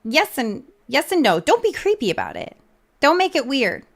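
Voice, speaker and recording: A woman talking casually on a live stream, her voice sitting a little on the high side. She rambles from thought to thought, filling gaps with "like" and restarting her sentences. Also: wildly swooping pitch, normal speed, creaky. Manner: rambling, filler-heavy, chatty.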